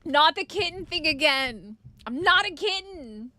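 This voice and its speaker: A woman's voice: high-pitched, animated, unhurried, pushed and bright. A woman streaming a survival game, chatting playfully with her viewers and laughing often. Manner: playful, giggly, chats with viewers. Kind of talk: casual live-stream chat.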